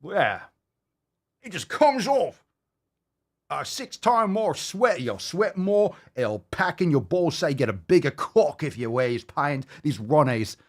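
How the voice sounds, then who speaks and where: Man doing a dopey boastful accented guy, high-pitched, slow, bragging. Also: big pitch swings. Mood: mocking boastful. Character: dim boastful man with a broad accent, hawking sweat pants.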